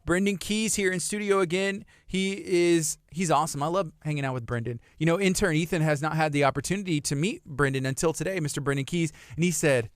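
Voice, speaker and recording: A man's voice: fairly high pitch, a little fast, clear, resonant tone, dry recording. A man from Texas hosting a live radio show in a studio, chatting upbeat and promoting events. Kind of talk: casual live radio chat.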